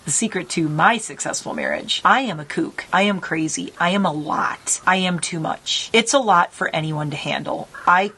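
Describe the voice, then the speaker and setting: A middle-aged woman vlogging casually from her rural home, talking in a rambling, animated way. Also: fairly low pitch, moderate pace, hardly any pauses, breathy edge, poor audio. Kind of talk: casual chat. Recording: faint background noise.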